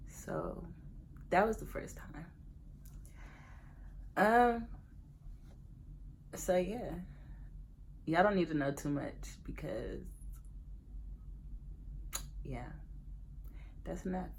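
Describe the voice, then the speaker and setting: A young woman, telling a candid, animated personal story as a casual storytime vlog, full of slang and laughter. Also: lowish voice, drawn-out words, pauses often, a little hiss or hum. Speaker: vlogger.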